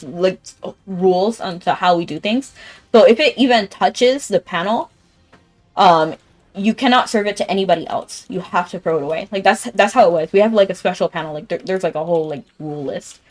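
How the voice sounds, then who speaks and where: A woman's voice: medium pitch, normal speed, faint music behind. A young woman streaming a game, telling a rambling story in casual chat and laughing often. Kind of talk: casual chat while gaming.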